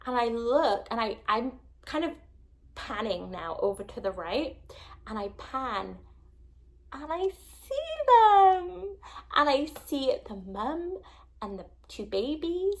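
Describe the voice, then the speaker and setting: A young woman tells a travel story to her camera with rising excitement. She sounds close to tears and sometimes drops to a hushed whisper. Her voice sits a little high. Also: a little slow. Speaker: travel vlogger.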